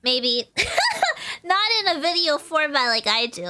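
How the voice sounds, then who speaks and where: A woman's voice: high-pitched, big pitch swings, takes it slowly, bright, forceful tone. Bubbly, giggly young woman streamer. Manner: bubbly, giggly, rambling with many likes and ums. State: teary, emotional. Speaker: VTuber streamer. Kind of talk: casual stream chat.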